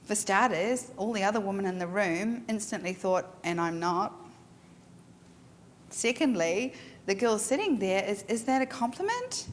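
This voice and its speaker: Frank, animated middle-aged woman leading a studio workshop; echoey hall sound, faint noise. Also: mid-range voice, a little slow. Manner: frank, emphatic, animated storyteller. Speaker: photographer teaching a workshop. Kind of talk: instructional talk to a class. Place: photo studio.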